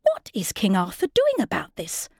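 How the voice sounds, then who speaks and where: A woman voicing a pompous male editorial crier who makes loud demands. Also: medium pitch, wildly swooping pitch, normal speed, vocal fry, no echo, clean studio sound. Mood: indignant.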